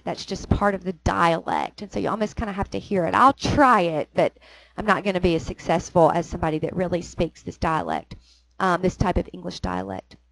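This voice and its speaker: A woman's voice: mid-range voice, no room sound, low-quality recording. A woman teaching a literature lesson, explaining lines of a poem with frequent "um"s. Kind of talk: recorded lecture.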